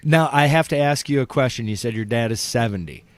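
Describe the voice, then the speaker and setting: Male comedian host, mid pitch, rambling and animated, dry close sound. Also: a little fast, no room sound. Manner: animated, rambling, with many fillers. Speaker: podcast host and stand-up comic. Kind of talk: casual comedic chat.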